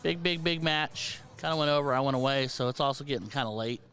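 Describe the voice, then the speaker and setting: A man's voice: medium pitch, fast talker, bright, forceful tone. A man with an American accent calling a darts match live, chatty and out of breath, talking to his stream viewers. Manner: chatty, self-deprecating, talks to chat viewers. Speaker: darts commentator and stream host. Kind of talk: live play-by-play commentary.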